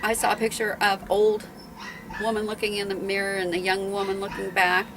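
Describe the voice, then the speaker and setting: A middle-aged dog breeder chats casually on her home video, her medium-pitched voice monotone and fairly quick over background noise. She rambles, sounds a little out of breath, and keeps restarting and dropping fillers.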